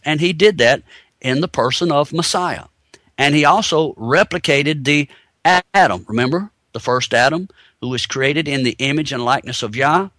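A man's voice: fairly high pitch, a bit bright, dry recording. A man giving a teaching sermon, explaining points step by step and asking rhetorical questions. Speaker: Bible teacher.

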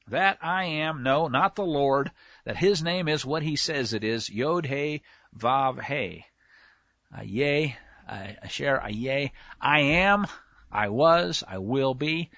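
A man's voice: on the high side, animated, slow pace, pushed and bright, no room sound. A man teaching scripture verse by verse in a casual, folksy way, with slang asides. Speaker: Bible teacher. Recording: dull lo-fi, dry sound.

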